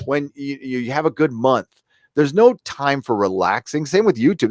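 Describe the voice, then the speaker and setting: A man's voice: mid-range voice, lively intonation, moderate pace, no echo, clean studio sound. A man hosting a casual live stream from home, talking bluntly and rallying his viewers. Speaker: livestream host. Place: home room.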